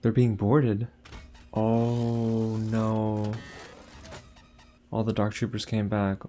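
A young man hosting a casual reaction video, talking excitedly to his viewers with lots of exclamations. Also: lowish voice, drawn-out words, a little hiss or hum. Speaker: YouTube reaction host.

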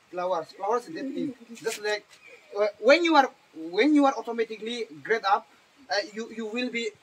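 Brief: man, plays a teacher in a comedy skit, broken English, stumbles and repeats, light hiss behind. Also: high-pitched. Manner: broken English mixed with Hindi, halting, repeats words. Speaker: comic playing a teacher.

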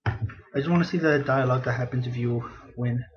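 Commenting on gameplay, a young man keeps things chatty and self-deprecating, hamming up the game's dialogue in a theatrical voice. He speaks at a fairly quick pace with medium pitch, and the recording's highs are cut off.

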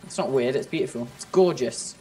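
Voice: medium pitch, a little fast, warm tone. A gamer chatting casually during play with a friend, playful and teasing, often laughing. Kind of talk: casual gameplay chat.

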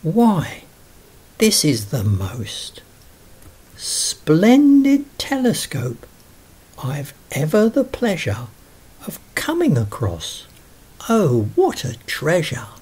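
A man's voice: medium pitch, big pitch swings, takes it slowly, darkish tone, slightly rough, full character voice. A man voicing a greedy, pompous lord in a storybook reading, gushing over a find.

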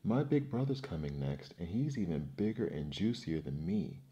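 A man voicing a timid medium-sized billy goat that begs not to be eaten, with his voice raised higher, as whispered role-play. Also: animated, normal speed, mellow. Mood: pleading.

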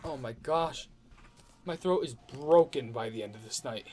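Lively let's play host, excitable, chatty with enemies, pitch swinging wide over low game music. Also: a little fast. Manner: excitable, talks to enemies, frequent outbursts. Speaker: gamer commentating own playthrough.

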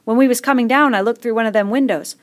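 A woman's voice: on the high side, fast, voice pushed up, lightly acted. A woman voicing an anxious, plump boy with asthma, asking eager, worried questions.

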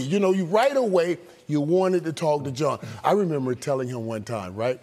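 Male panelist, high husky voice, very lively pitch, emphatic repeats. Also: normal speed, few pauses. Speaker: analyst. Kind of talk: studio discussion.

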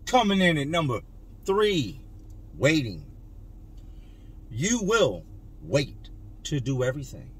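A man's voice: on the high side, huge pitch swings, takes it slowly, long pauses, breathy edge. A man in his thirties, a vlogger, telling his own story to camera in an earnest, emotional way, stretching words for emphasis.

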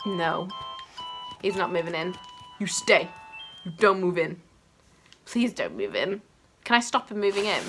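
A woman's voice: on the low side, expressive, measured pace, pauses often. Giggly woman gushing over a game. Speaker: gaming YouTuber. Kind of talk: casual gameplay commentary. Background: game music.

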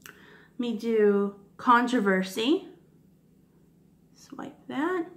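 A woman beauty vlogger swatching makeup for her viewers, gushing and giddy, often apologizing for her technique and dropping into soft whispers. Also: fairly high pitch, lively intonation, drawn-out words. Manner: gushing, giddy, keeps addressing viewers as guys. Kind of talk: casual makeup swatch review.

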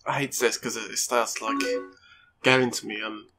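A man's voice: fairly low pitch, fairly even intonation, moderate pace, over music. A man giving let's play commentary over a game, swearing often and joking at his own expense. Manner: sweary, joking, self-mocking. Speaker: gaming YouTuber.

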